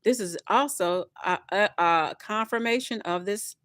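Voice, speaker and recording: A woman in the middle of a casual collective tarot reading, speaking at a medium pitch. She talks in a chatty, expressive way, breaks into laughter often, and addresses both spirit and her viewers directly. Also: a little slow, no echo, studio quality. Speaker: tarot reader.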